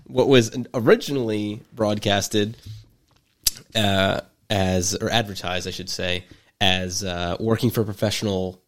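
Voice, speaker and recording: A young man in his twenties chatting casually, with a low, gravelly voice full of fry. He rambles through a story with lots of fillers and restarts, keeping it wry and jokey. His tone stays loose and conversational throughout. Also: steady tone, unhurried. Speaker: podcast storyteller. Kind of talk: casual chat.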